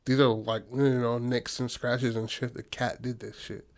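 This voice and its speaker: A man's voice: mid-range voice, level tone, normal speed. A man telling a story in casual podcast chat, loose and profane, acting out what the characters say. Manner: loose, profane retelling with acted-out quotes. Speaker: podcast co-host.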